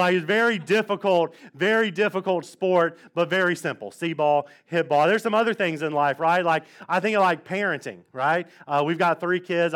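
A man's voice: on the high side, a bit bright. Chatty joking pastor, a man. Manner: chatty, joking storyteller, lots of "like" and "all right?". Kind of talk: casual conversational sermon. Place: church sanctuary.

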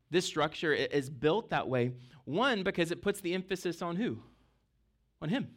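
A man, a pastor, preaching a conversational sermon, checking in with the congregation and laughing between points. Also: on the high side. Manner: conversational preaching with frequent "okay?" check-ins.

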